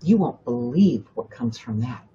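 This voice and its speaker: A woman's voice: rumbling low, lively intonation, unhurried, dark tone, dull audio. A woman hosting a spiritual coaching talk, speaking emphatically to her listeners, often repeating herself and addressing them directly. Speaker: spiritual teacher and host.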